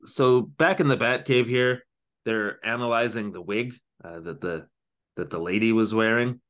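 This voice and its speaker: A man's voice: on the low side, normal speed, fairly bright tone. A man co-hosting a podcast, casually retelling a TV episode with lots of fillers and asides. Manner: rambling, filler-heavy retelling. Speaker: podcast co-host. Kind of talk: casual chat recapping a TV episode.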